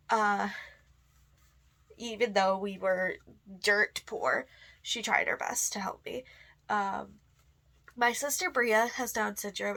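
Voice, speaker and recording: Woman vlogger, laid-back and chatty, a bit of fry in a medium-pitched voice. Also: sharp tone. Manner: chatty, lots of fillers and laughs. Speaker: goth vlogger. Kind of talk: casual answers to a tag video.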